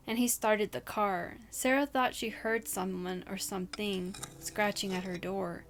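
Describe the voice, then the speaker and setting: A woman's voice: medium pitch, a little slow, few pauses. A woman hosting a casual read-aloud storytime, with blunt, chatty asides that include swearing. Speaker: channel host. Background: faint music and noise from outside.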